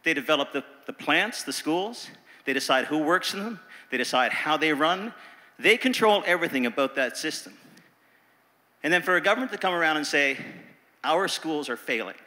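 A lively, engaging man from Nova Scotia talking on a conference panel. His voice sits fairly high and sounds bright. A long hall reverb trails behind him. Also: brisk. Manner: lively, engaging, crowd-working. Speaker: panelist, teachers' union president. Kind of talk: panel talk.

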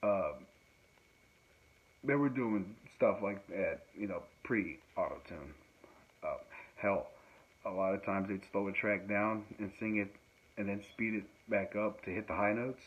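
A man's voice: fairly low pitch, a little slow. A man, a musician, chatting casually and rambling with many fillers and laughs, recorded at home. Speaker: musician and podcast host. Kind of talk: casual chat. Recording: dull lo-fi sound with faint noise.

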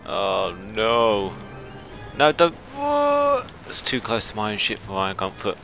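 A man giving chatty, self-mocking let's play commentary, shouting orders at his ships when excited. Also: fairly low pitch, moderate pace, creaky, faint music behind. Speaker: gameplay commentator.

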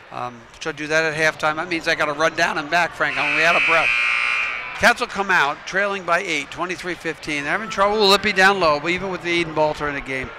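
A man doing play-by-play commentary for a high school basketball game. He calls quick plays and adds coaching asides. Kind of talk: local sports commentary. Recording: noisy gym ambience. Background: game crowd and ball bounces.

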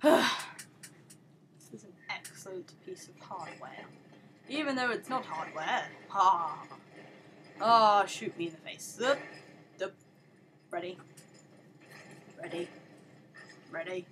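A woman's voice: lowish voice, a little slow, pauses often, fairly bright tone, slight background noise. A woman doing let's play commentary, sarcastic and exasperated, egging on her game character. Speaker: gaming channel host.

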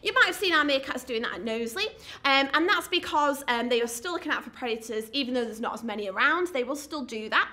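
A woman's voice: high voice, animated, quick pace, bright, forceful tone. A woman, working as a zoo educator and giving an upbeat, encouraging lesson to children at home.

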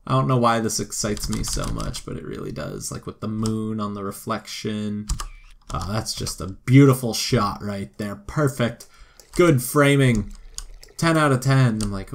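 A man's voice: lowish voice, expressive, normal speed. A young man commentating a life-sim game, playful and sarcastic, talking to the characters on screen. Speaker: gameplay commentator. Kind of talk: let's play commentary.

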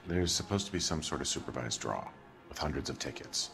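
A shifty, apologetic promoter under questioning in a detective game. His voice sits low and answers come hedged. Soft music hums behind. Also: lively intonation, a little fast, gravelly, full character voice. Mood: uneasy. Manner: apologetic, evasive. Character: uneasy middle-aged male promoter. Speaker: game character.

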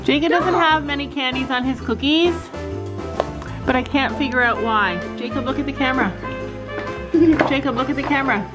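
A woman's voice: sits high, moderate pace, long pauses, over loud music. An older woman, a grandmother, chatting casually in a family vlog from a bed in her living room, playfully coaxing her grandchildren.

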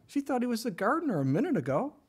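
A middle-aged man preaching a sermon in a casual, conversational way, telling the story with lively emphasis and dropping to a whisper for quoted words. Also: extremely high pitch, quick pace, breathy edge. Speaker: pastor.

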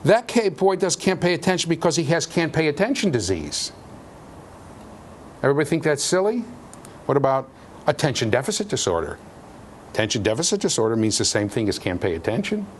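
A man giving a university lecture in an animated, jokey way, with sudden loud outbursts. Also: a little high, a little fast, long pauses, slight background noise. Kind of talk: classroom lecture. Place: lecture hall.

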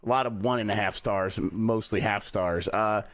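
A man's voice: lowish voice, moderate pace, no echo. A man in casual chat, rambling with lots of ums and restarts. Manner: rambling, hesitant, many fillers.

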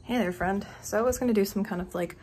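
A woman's voice: mid-range voice, quick pace, darkish tone, slight background noise, poor audio. A woman from New Jersey talking casually into her phone for a vlog, telling stories in a gushing, emotional way. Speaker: vlogger. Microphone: phone held close.

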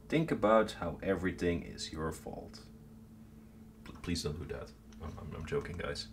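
A man's voice: deep voice, normal speed, a little hiss or hum. A man chatting casually with his viewers during a painting stream, making dry sarcastic jokes. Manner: joking, dry sarcastic asides.

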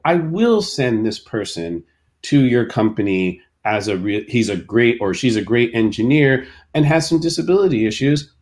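Man, company co-founder as guest, mid-pitched, thoughtful and explanatory. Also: expressive, normal speed, a little mellow. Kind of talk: casual interview.

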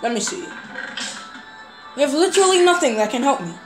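Roomy, lively voice over game music. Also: female voice, high voice, brisk. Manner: hesitant, full of fillers, bursts into excited shouts. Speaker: voices all characters in a game role-play. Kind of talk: voicing a block-game story.

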